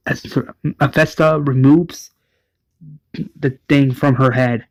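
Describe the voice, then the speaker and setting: A man recaps an episode in a loose, rambling way, often correcting himself. His pitch is average and he talks slowly. The sound is close and dry. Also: steady tone, dry recording, low-quality recording. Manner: rambling, uses "like" and self-corrections. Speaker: show recap narrator. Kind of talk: casual retelling of an episode.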